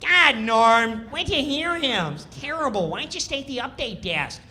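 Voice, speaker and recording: A man voicing a whiny male comedian who keeps scolding a castmate in a high, nagging voice. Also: animated, moderate pace, bright, forceful tone, full character voice.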